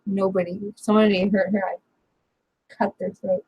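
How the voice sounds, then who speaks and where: A woman's voice: medium pitch, little pitch movement, moderate pace, breathy edge, no echo, dull audio. A woman streamer chatting on a voice call, swearing freely and cooing baby talk at her cat. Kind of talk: casual chat on voice call.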